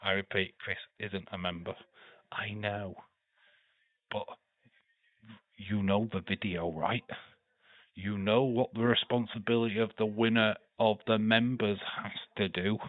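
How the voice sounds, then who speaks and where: A man's voice: fairly low pitch, fairly even intonation, measured pace, pauses often, no room sound, phone-quality sound. A man with a Yorkshire accent hosting a live watch-along, chatting casually, laughing often, swearing and reading chat messages aloud. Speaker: livestream host.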